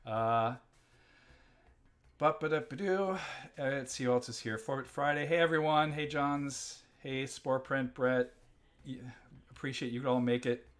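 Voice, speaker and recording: A man's voice: medium pitch, fairly even intonation, moderate pace. A man from Germany hosting a live game stream, chatting casually and rambling between reading chat messages. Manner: chatty, rambling, reads chat aloud and laughs often.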